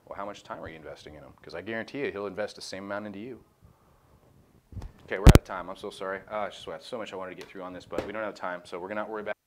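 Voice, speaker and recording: A man's voice: on the low side, fast talker, a little hiss or hum. A man leading a small group Bible study, casual and jokey, cutting in with blunt comments. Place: room with a small group, streamed live.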